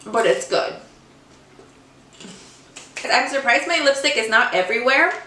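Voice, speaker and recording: A young woman chatting casually through a snack-tasting vlog at home, excitable and gushing. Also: fairly high pitch, unhurried, slight background noise. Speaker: vlogger. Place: room at home. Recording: roomy sound, a bit far from mic.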